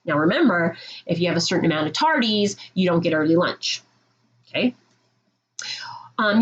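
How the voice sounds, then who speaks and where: A woman's voice: on the low side, muffled recording. A woman teaching middle school, explaining classroom rules to her students in a firm, direct way and checking in with "okay?".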